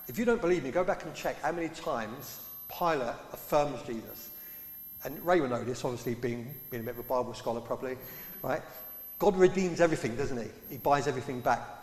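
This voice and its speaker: A man's voice: mid-range voice, expressive, fairly quick. A man preaching a sermon in a conversational way, putting questions to his congregation. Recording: echoey hall.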